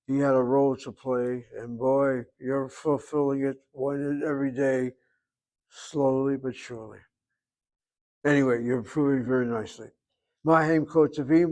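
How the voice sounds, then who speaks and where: An older man with a slightly high, slightly mellow voice teaches a Hebrew class online. He jokes and goes off on tangents, then patiently corrects a student's pronunciation.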